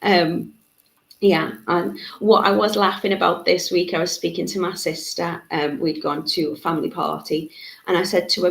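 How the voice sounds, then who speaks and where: Woman, gravelly, low voice, chatty craft tutor, echoey room. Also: steady tone, moderate pace. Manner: chatty, reads out viewer comments, frequent ums. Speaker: jewellery-making tutor. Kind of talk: live beading tutorial.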